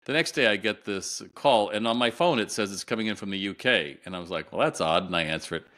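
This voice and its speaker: A middle-aged man tells a story to an interviewer in a low voice that still has a bright, forceful edge. He slips in and out of the voices of the people he quotes and keeps the telling lively. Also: quick pace. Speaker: guest retail consultant.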